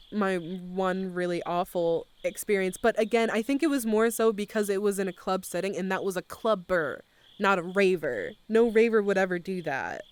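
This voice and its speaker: A woman's voice: medium pitch, clean tone, dry recording. A young adult woman chatting casually on a live stream, telling a story with lots of filler words and swearing. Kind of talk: casual chat.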